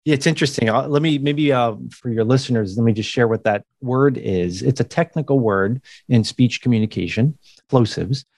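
A man's voice: mid-range voice, moderate pace, a little mellow, no echo, studio quality. A man from the United States, a communication coach, explaining things in a podcast interview with occasional laughs.

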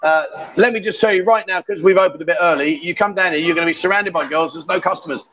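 A man with a high, light voice hosts a live stream from a bar, teasing and joking with his guests in easy banter. The audio is dull and lo-fi. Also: quick pace, a bit bright, a little hiss or hum. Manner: teasing, jokey and chatty. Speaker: livestream host.

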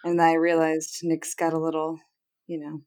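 A woman's voice: deep voice, monotone, moderate pace, darkish tone. A young woman co-hosting a casual movie podcast, frank and joking, swearing freely. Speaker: podcast co-host.

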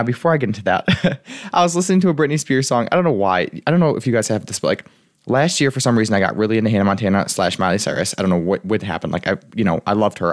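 A young man hosts a casual life coaching podcast, talking fast in a somewhat low voice. He rambles cheerfully, laughs often and fills his talk with "like." The sound is dry and close, with no room in it. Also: no room sound. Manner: chatty, rambling, laughs often, says "like" a lot.

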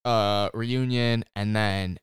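Low-voiced man in casual chat. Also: steady tone, slow, smooth, no room sound, studio quality. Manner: chatty, recaps shows with quoted impressions.

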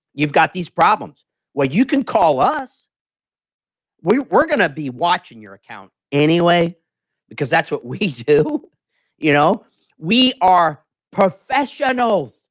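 A man's voice: sits high, a bit bright. A man hosting a business talk show, ranting emphatically and acting out phone calls in a casual way. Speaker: host.

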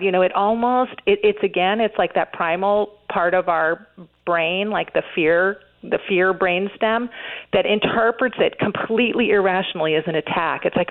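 In a conversational radio interview recorded over a phone line, a woman who is an author speaks as a guest. Her voice is lowish and her pace moderate, and she talks earnestly with many fillers and restarts.

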